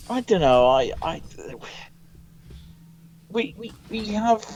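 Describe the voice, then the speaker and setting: A man's voice: on the high side, darkish tone, slight background noise. Guy calling in, hesitant, keeps restarting, kinda muffled lo-fi line. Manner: hesitant, halting, many restarts. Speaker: caller. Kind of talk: casual phone-in chat. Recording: dull phone-in line.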